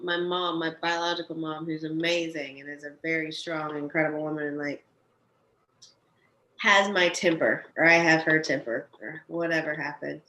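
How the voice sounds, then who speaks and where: A woman's voice: low voice, fairly even intonation, moderate pace, sharp tone. A young adult woman, a podcast guest working in the cannabis industry, talking candidly and emphatically in a casual conversation and swearing freely. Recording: echoey room, faint background noise.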